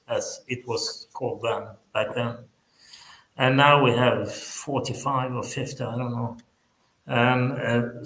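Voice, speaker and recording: A man's voice: mid-range voice, a bit bright. Hesitant man with a background, echoey. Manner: hesitant, repeats words, enthusiastic. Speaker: whisky book author, guest. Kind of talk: casual online chat.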